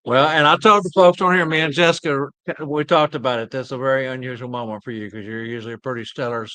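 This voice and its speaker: A man's voice: mid-range voice, fairly even intonation, fast talker, pushed and bright, smooth, dry recording. Folksy man hosting a live show. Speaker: host. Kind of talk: casual live show chat.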